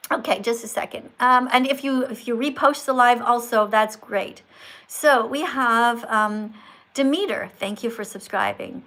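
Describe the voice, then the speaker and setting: A woman's voice: a little high, measured pace, a bit bright. A woman hosting a live stream in a schoolteacher tone, correcting and praising viewers with emphatic delivery. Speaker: livestream host.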